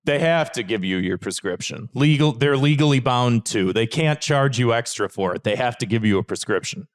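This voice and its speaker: A man's voice: medium pitch, lively intonation, normal speed, dry recording, studio quality. A man co-hosting a comedy podcast in casual chat, explaining things in a matter-of-fact way and moving the show on to its next segment. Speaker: podcast co-host. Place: podcast studio.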